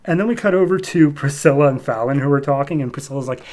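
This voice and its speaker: Guy on a podcast going through a comic's plot, chatty and loose, keeps saying like and um, mid-pitched voice. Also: fast talker, a little mellow. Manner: chatty, loose with lots of "like" and "um", voices quoted characters with raised pitch. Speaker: podcast host. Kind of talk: casual comic-book recap.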